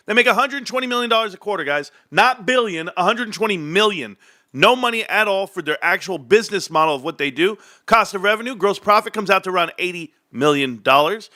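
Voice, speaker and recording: A combative man rants his way through market commentary with a profane edge. His voice sits high and sounds bright and forceful. The sound is close and dry, with no room around it. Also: no echo. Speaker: stock market streamer.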